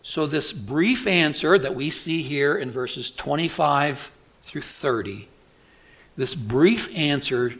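A male preacher delivering an expository sermon, speaking deliberately and emphatically and putting rhetorical questions to the congregation. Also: medium pitch, a bit bright.

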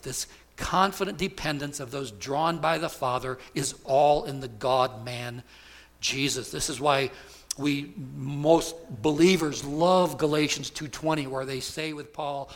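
Middle-aged man as a preaching pastor; slow, deliberate, emphatic sermon voice, a touch high-pitched. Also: gravelly, a bit bright. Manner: slow, emphatic preaching with repeated questions to the congregation.

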